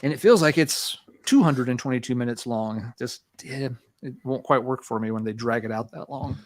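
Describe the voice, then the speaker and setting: A man's voice: medium pitch, moderate pace, dry recording. Man rambling with many "you know"s. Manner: filler-heavy with lots of "you know"s. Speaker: podcast guest. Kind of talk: casual chat.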